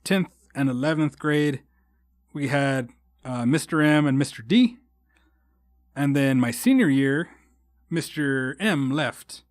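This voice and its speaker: A young man from Texas hosts a solo podcast, delivering a rambling, profanity-heavy rant that often gets heated. His mid-range voice takes things slowly with long pauses, and the recording is dry with clean studio sound.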